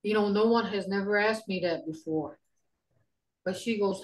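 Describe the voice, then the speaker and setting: A middle-aged woman teaching a casual online language class over a video call, unhurried and folksy, thinking aloud with many ums. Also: mid-range voice, fairly even intonation, low-quality recording.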